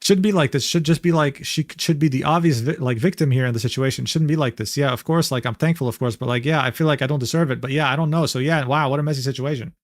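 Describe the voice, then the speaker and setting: A man's voice: medium pitch, quick pace, few pauses, no echo, studio quality. A young man streaming live, reacting to a document in loose, rambling commentary full of slang fillers. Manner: rambling, filler-heavy slang with "bro" and "dude".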